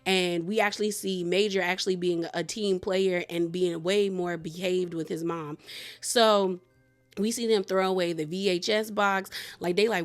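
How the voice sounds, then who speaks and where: Animated woman recapping a movie. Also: fairly low pitch, moderate pace. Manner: animated, colloquial, laughs at the plot. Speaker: movie reviewer.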